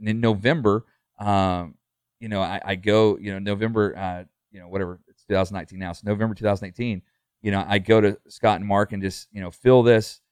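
A man's voice: lowish voice, steady tone, fairly quick, a little mellow, smooth, no echo, clean studio sound. A middle-aged man, a pastor, talking earnestly in a casual podcast conversation, full of fillers and restarts.

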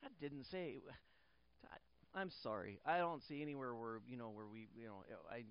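A man's voice: mid-range voice, moderate pace, clean tone, lo-fi sound. A male pastor preaching a sermon in church, repeating key phrases and restarting lines, with light jokes for the congregation.

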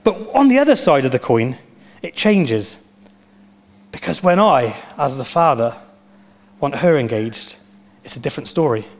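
A man preaching a sermon as pastor, with animated storytelling and emphatic repetition. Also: mid-range voice, unhurried, pauses often.

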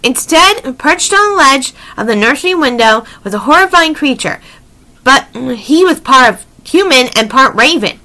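A woman reading children's books aloud in an animated, expressive way with chatty asides. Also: high-pitched, moderate pace. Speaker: story reader.

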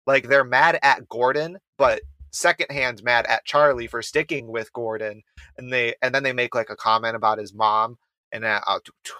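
Bright-voiced young man, joking. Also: medium pitch, steady tone, moderate pace, dry recording. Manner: joking, swears casually, quotes movie lines. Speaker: podcast co-host. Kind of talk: casual chat.

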